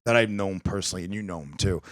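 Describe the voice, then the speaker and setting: A man hosting a podcast, telling a story in a profane, animated way and acting out both sides of the quoted conversations. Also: low voice, fast, no echo. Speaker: podcast host. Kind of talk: casual chat.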